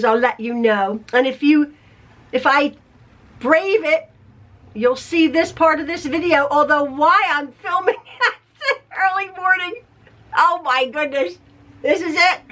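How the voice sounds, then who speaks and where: With a high-pitched, fairly bright voice, an older woman chats about quilting in a casual, emotional vlog full of laughs, tired from a recent illness. She films at home and then in her parked car.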